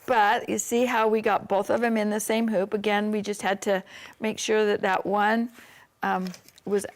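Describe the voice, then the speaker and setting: A woman's voice: medium pitch, little pitch movement, moderate pace. Woman co-hosting a live sewing demo. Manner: reads viewer comments aloud, explains tips. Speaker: quilt shop co-host.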